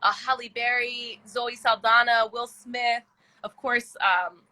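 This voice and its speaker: A woman's voice: a little high, little pitch movement, slow pace, sharp tone. A woman chatting as a guest over a video call from her bed, enthusiastic and affectionate. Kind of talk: casual live chat. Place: in bed at home.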